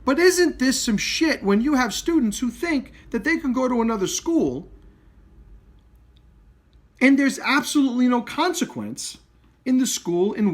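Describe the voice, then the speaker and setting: A man with a high, lively voice gives a blunt live-video rant about his martial arts school. He swears freely and drives each point home with hard emphasis. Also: slightly rough. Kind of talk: blunt, profane direct-to-camera rant.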